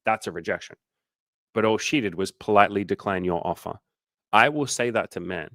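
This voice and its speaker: A man's voice: on the low side, a little fast, fairly bright tone, no echo. A man working as a dating coach, answering questions on a casual livestream in a candid, loose way, swearing freely and using lots of fillers.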